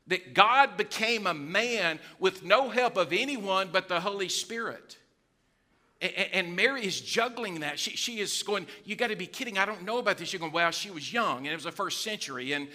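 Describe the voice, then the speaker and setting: A male pastor, preaching a sermon with animated storytelling and acted-out quotes. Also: high-pitched, moderate pace.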